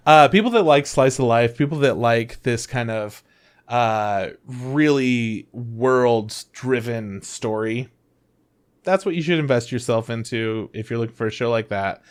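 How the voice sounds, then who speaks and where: Man, podcast co-host, casual chat, animated storytelling, frequent swearing, mid pitch. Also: unhurried, clear, resonant tone. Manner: animated retelling, heavy swearing and "like" fillers. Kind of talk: casual chat about anime.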